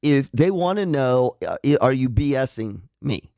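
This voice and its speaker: A man of middle pitch whose voice moves expressively as he chats on a radio show. He is a psychologist who asks probing, rambling questions. The sound is dry and close to the mic. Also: animated, normal speed, gravelly, dark tone, dry recording. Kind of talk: casual chat.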